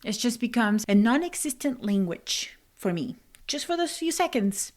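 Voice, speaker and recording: A woman's voice: a little high, very animated, normal speed. A woman hosting a podcast in a casual monologue, speaking English as a second language with an accent, laughing and sometimes dropping to a whisper for emphasis. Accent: non-native English accent. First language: not English. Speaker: podcast host and life coach.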